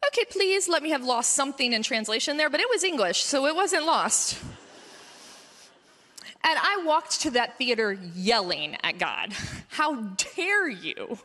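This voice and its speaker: A woman in her thirties gives a heartfelt testimony at a conference, speaking in a fairly high, bright voice. She tells her story with earnest feeling, and her voice lifts when the emotion builds. Long reverb from the large hall trails behind each phrase. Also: big pitch swings, moderate pace. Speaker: pediatrician speaking at a mission conference. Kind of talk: personal testimony talk.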